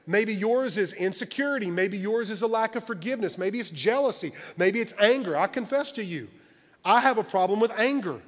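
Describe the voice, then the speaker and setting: High-voiced man preaching in a reverberant hall. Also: animated, brisk. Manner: emphatic, shifting between loud exclamations and quiet earnest tones; conversational, confessional asides to the congregation. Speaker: pastor. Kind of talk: sermon.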